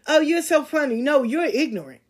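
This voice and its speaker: A woman's voice: high voice, expressive, a little fast. A woman hosting a podcast, ranting casually and bluntly to her listeners with plenty of profanity. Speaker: podcast host.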